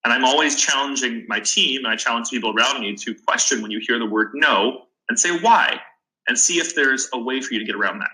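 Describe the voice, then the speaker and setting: Young guy on a podcast, super bright tense voice, earnest advice, keeps restarting sentences. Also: mid-range voice, fast talker, few pauses, poor audio. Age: 20s. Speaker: podcast guest, startup founder. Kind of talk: casual interview talk.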